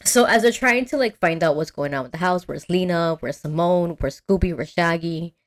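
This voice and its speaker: A woman's voice: fairly low pitch, moderate pace. A young woman podcast host casually recapping a cartoon film, telling it with animation, acting out quotes and swearing freely. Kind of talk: casual movie recap chat.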